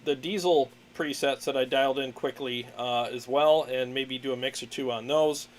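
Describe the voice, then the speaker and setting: A man hosting a casual livestream, chatting in a relaxed way with many fillers and frequent laughs. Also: mid-range voice, moderate pace. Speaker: livestream host, guitarist.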